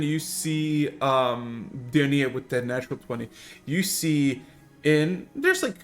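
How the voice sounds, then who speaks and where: Guy running a tabletop game, slow and halting, ums everywhere, faint music behind. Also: medium pitch, expressive. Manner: hesitant, many fillers. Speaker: game master.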